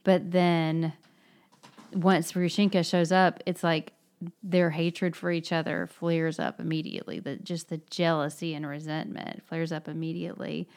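Woman, somewhat low voice, thoughtful and hesitant, casual book talk. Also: flat delivery, unhurried, a little mellow. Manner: reflective, hesitant with fillers. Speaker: book discussion participant.

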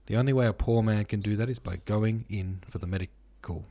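A man's voice: lowish voice, brisk, mellow, natural voice. A man reading the part of an earnest, easily moved young male medical student, in an audiobook.

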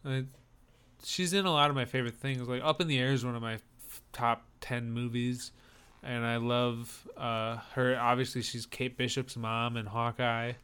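A man's voice: mid-range voice, flat delivery, moderate pace, fairly bright tone, clean tone. A man from the northern United States co-hosting a casual chat about trailers, rambling and enthusiastic with a joking streak. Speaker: podcast co-host.

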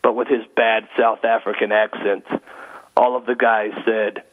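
A man doing a low, slow, dry impression of a gruff older male film star over a phone line. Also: flat delivery.

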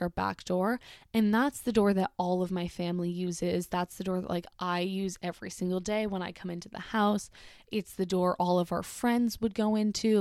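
A young woman casually telling a personal story, chatty and animated, filling her sentences with "like". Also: mid-range voice, no echo, clean studio sound. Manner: chatty, heavy use of "like", animated retelling.

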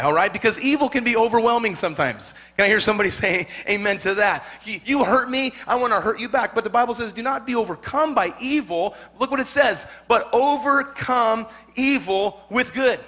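High, bright-voiced male preacher. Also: moderate pace, hardly any pauses. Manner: animated storytelling, repeats words, asks congregation for amen. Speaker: pastor. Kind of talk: sermon with personal story.

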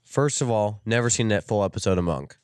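A podcast co-host with a low voice who rambles through his answers and pokes fun at himself. He drifts into jokey accents along the way. His voice sounds close and dry. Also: lively intonation, a little fast, a little mellow, no echo. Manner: rambling, self-deprecating, tries silly accents. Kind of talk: casual chat.

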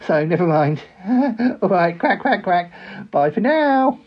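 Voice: mid-range voice, big pitch swings, slow pace, lo-fi sound, faint music behind. A performer voicing a cheerful male talking duck who quacks between his sentences.

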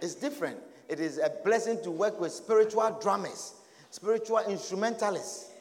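A man preaching a lively sermon as pastor, laughing and shouting as he acts out people's words. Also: high-pitched, normal speed. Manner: animated, often laughing and shouting, acts out quoted voices. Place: church hall. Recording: echoey hall with crowd. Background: congregation.

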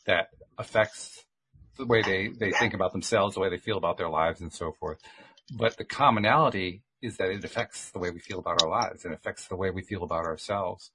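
A man's voice: deep voice, fairly quick, fairly bright tone, a little hiss or hum. A man in reflective casual conversation, talking thoughtfully with frequent restarts.

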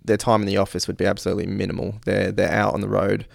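Australian male officer, gravelly and lowish, loose rambling talker, dry close mic. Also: level tone, very fast, no room sound. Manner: loose, rambling, heavy fillers. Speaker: visiting police officer. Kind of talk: casual interview.

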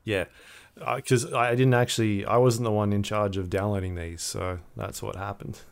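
A man hosting a casual podcast in a relaxed, easygoing way. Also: on the low side, normal speed, creaky. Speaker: podcast host.

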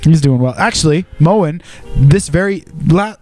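A man's voice: a little high, animated, darkish tone, soft background music. A man hosting a podcast, brash and joking, steering crude banter with his co-host. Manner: brash, joking, quick to laugh.

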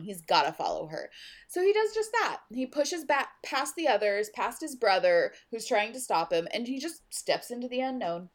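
Lively, animated woman storyteller. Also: medium pitch. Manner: animated storyteller, uses "like" a lot. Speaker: podcast co-host. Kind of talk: casual book recap chat.

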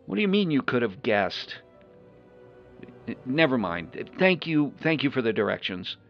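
A man's voice: mid-range voice, very animated, normal speed. A man voicing a timid, flustered host on a trip, who stammers nervously. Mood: anxious. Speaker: show host. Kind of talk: one-sided audio role-play. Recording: lo-fi recording with faint music.

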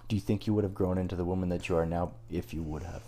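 A woman's voice: a bass voice, fairly even intonation, rapid-fire, warm tone. A woman interviewer asking probing follow-up questions and playing devil's advocate. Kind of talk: conversational interview.

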